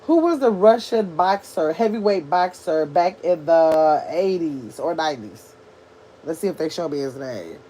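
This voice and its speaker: An older woman hosting a casual livestream, chatting with her viewers and reading their comments aloud as she thinks out loud. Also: low-pitched, measured pace, a little hiss or hum. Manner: chatty, animated, thinks out loud, addresses chat as y'all. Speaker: livestream host reading chat.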